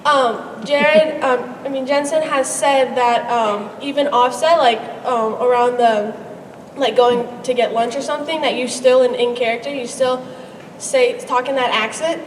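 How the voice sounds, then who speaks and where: A woman, a fan, nervously asking a question at a convention with many pauses and fillers. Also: sits high, fairly even intonation, slight background noise. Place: large convention hall. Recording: echoey hall, from a distance.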